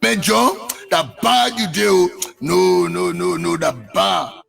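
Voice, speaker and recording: An actor playing a boastful man who lectures his friend about women in a radio ad skit, with a gravelly, sing-song and shouty delivery. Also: high voice, huge pitch swings, slow, soft background music, exaggerated voice.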